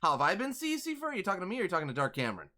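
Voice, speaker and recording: A man's voice: sits high, huge pitch swings, racing. A man streaming a game who chats casually and upbeat and greets his viewers often. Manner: upbeat, greets chat members warmly and often. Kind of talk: casual chat. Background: game music.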